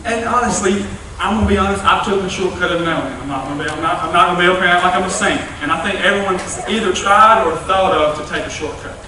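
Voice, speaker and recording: A young man preaching a youth revival sermon, animated and folksy, with playful asides. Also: high-pitched, racing, few pauses, background noise. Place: church sanctuary. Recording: distant echoey church recording.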